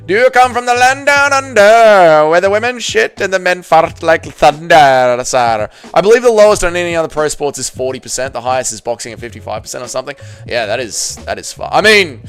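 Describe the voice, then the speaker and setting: An Australian man hosts a casual livestream and reads out chat. He talks bluntly and swears freely, and his voice is smooth and clean at an ordinary pitch. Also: fairly bright tone. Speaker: streamer host.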